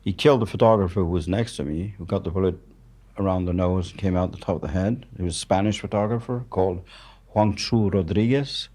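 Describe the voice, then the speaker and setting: This low-voiced man talks fast, with a darkish tone. He's a French war journalist in his seventies, a guest speaking accented English, telling candid stories in conversation bluntly and matter-of-factly while swearing freely.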